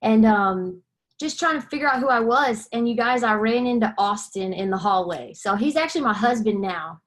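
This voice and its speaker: A woman's voice: on the high side, expressive, normal speed. A young woman, giving a candid personal testimony and acting out quoted dialogue as she tells it. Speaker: guest sharing her testimony.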